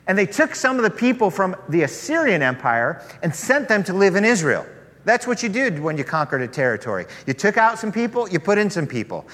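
A male preacher telling a story from the pulpit in a casual, conversational way, his slightly high voice rising and falling with lively swings. A long hall reverb trails every phrase. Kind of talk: sermon.

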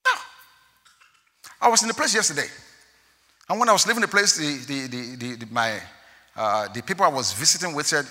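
A man preaching a sermon as a pastor, animated and exclaiming as he tells stories, often laughing. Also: fairly high pitch, fairly quick, pauses often. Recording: long hall reverb.

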